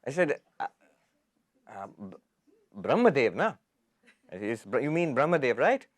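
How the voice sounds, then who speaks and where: A man delivers a spiritual lecture as a visiting monk. His voice sits at an ordinary middle pitch and sounds dry and close to the microphone. He chants Sanskrit lines slowly, then explains them with lively asides. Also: no room sound.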